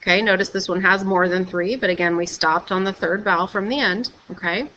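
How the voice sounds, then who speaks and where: A woman teacher giving a recorded video lesson, explaining patiently and clearly and often checking with "okay?". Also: mid-range voice, fairly even intonation, brisk, sharp tone, dull audio, slight background noise.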